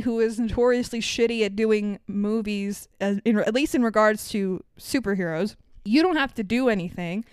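A woman's voice: on the high side, smooth, no room sound. A woman co-hosting a podcast, chatting casually and swearing freely as she tells a story with mocking quoted voices. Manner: profane, animated storytelling with mock quotes. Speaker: podcast co-host. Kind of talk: casual chat.

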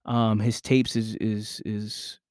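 A man's voice: fairly low pitch, level tone, slow pace, darkish tone, no echo, studio quality. A man hosting a podcast, giving an earnest, emphatic motivational talk, repeating key phrases and swearing casually. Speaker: podcast host. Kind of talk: motivational monologue.

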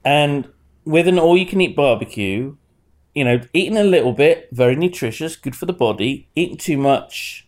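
Joking man in lively chat. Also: fairly high pitch, moderate pace. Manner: joking, banters and riffs on stories. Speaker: podcast co-host. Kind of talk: casual chat.

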